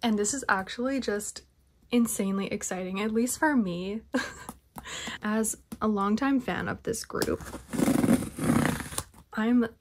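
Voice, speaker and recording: Excitable young woman gushing over a haul. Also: mid-range voice, unhurried, noisy background. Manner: gushing, excitable, chatty fan with laughs and whispered asides. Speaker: K-pop collector vlogger. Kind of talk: casual unboxing haul vlog.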